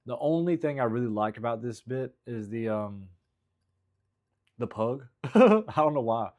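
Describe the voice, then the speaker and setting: A man in a casual vlog, talking haltingly about his stand-up material and second-guessing his own jokes. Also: mid-range voice, expressive, darkish tone. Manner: halting, rambling, self-critical, frequent restarts. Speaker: stand-up comedian.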